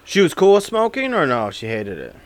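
A man's voice: a little high, wildly swooping pitch, a little fast. A man chatting casually as a co-host, laid-back and joking. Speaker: podcast co-host. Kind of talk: casual chat.

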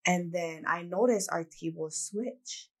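A woman with a lowish voice hosts a casual podcast chat. She tells personal stories in a candid, reflective way, with lots of "like" and "you know". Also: slow, husky. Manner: candid, reflective storytelling with many "like"s. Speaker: podcast co-host.

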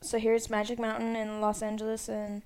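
Excitable, stumbling woman co-host. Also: a little high, moderate pace, clean tone. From Texas. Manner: excitable, loud when excited, stumbles over words. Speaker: podcast co-host. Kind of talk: casual chat.

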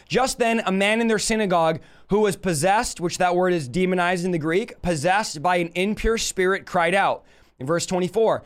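A man's voice: high voice, moderate pace, clean tone. A man preaching a live-stream Bible teaching, emphatic and full of rhetorical questions to his audience.

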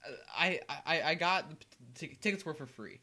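A young man co-hosting a casual sports chat, an animated storyteller who loudly mimics yelling fans. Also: fairly high pitch, moderate pace. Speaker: co-host.

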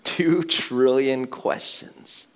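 A man delivers a sermon with the relaxed tone of a chat. His voice sits at a medium pitch. At points it rises into loud, excited emphasis broken up by laughter. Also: drawn-out words, clean tone. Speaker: pastor.

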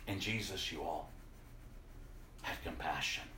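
A male preacher reads scripture and preaches in a very slow, deliberate way, leaning hard on his words and often sinking to a hush. His voice rings through a roomy, echoing space. His pitch sits in a middle range. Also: lively intonation, distant mic, a little hiss or hum. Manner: slow, emphatic, drops to a hush. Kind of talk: sermon with scripture reading. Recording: roomy echo.

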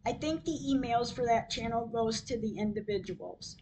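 A woman hosting her own podcast, reading her diary entries aloud in a slow, measured way. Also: on the high side, dark tone, slight background noise, low-quality recording. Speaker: podcast host.

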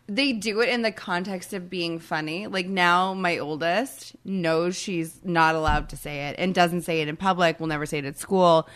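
A thirtysomething woman co-hosts a casual podcast, joking around, swearing freely and laughing a lot. Her voice sits on the low side with a slightly bright edge.

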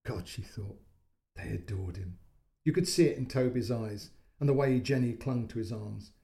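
A man narrating a short story in a calm, measured way, giving voice to the quoted lines. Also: fairly low pitch, vocal fry. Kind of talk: audiobook-style story narration.

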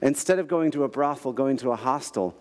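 A man's voice: medium pitch, a little fast. A man giving a sermon as a guest preacher, telling stories with emotion and laughing often. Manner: animated, emotional storytelling with frequent laughs. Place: large church hall. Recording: long reverb of a large hall.

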